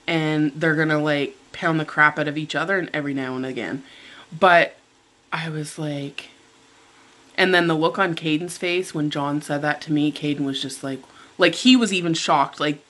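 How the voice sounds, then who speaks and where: Middle-aged woman, storytime vlogger, lowish pitch, sharp tone, animated. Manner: animated retelling, acting out her own quoted lines. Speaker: mukbang vlogger. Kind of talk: storytime chat over breakfast.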